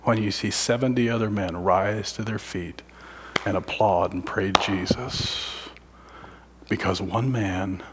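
A man preaching a sermon, moving from emphatic, raised lines to hushed whispers. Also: lowish voice, slow, background noise.

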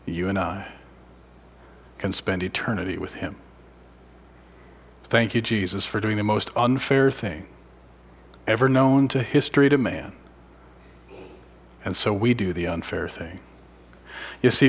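A man preaching a sermon, moving from emphatic, raised lines to hushed whispers. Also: lowish voice, slight background noise.

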